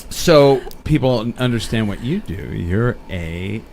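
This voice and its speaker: A man's voice: mid-range voice, animated, unhurried, a little mellow, slight background noise. A man hosting a podcast in a studio, joking around in casual chat and acting out little voices when he tells a story. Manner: jokey, acts out voices in quotes. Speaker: podcast host. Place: studio with air conditioning running.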